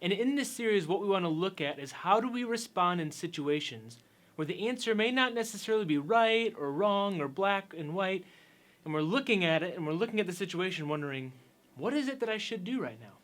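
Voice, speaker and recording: Upbeat youth pastor, fairly high voice. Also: male voice, animated, fairly quick, fairly bright tone. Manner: upbeat, storytelling, conversational. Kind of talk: youth sermon.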